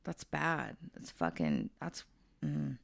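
Low, gravelly woman telling blunt stories. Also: very animated, slow, dry recording. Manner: blunt, profane storytelling with frequent laughs. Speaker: podcast co-host and caregiver. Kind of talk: casual chat.

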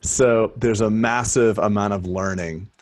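Deep-voiced earnest man, dry sound. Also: fairly even intonation, unhurried, no room sound. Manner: thoughtful, earnest, a little wordy. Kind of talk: casual conversation.

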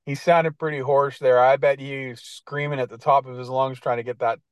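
A man's voice: mid-range voice, fairly even intonation, normal speed, smooth, no echo. A middle-aged man chatting casually as a guest, laid-back and slangy, full of fillers and restarts. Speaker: guest editor. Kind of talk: casual podcast chat.

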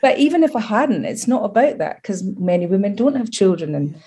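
Warm Scottish woman, lively and proud. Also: medium pitch, fairly quick. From Scotland. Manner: lively, humorous, proud storytelling. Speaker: interview guest. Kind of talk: candid conversational interview.

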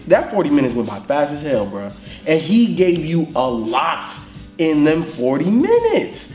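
A man co-hosting a casual album review chat, talking in an animated, emphatic, profane way and often repeating himself as he starts a thought. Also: fairly high pitch, unhurried, faint music behind. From East Atlanta, US. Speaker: podcast co-host reviewing an album. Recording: roomy echo.

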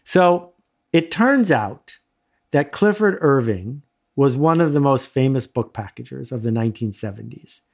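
A middle-aged man casually telling a self-mocking anecdote in lively bursts. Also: mid-range voice, a little slow, vocal fry. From United States. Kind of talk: casual storytelling.

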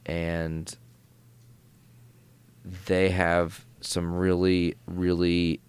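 A man's voice: low-pitched, completely flat delivery, drawn-out words, clean tone. A man co-hosting a podcast, casually recapping a comic story in a rambling, filler-heavy way. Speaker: podcast co-host.

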